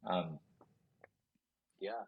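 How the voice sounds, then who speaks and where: A South African professional boxer, guesting on a podcast, tells a personal story intensely and repeats phrases often. His low, gravelly voice is very slow, with phone-quality sound.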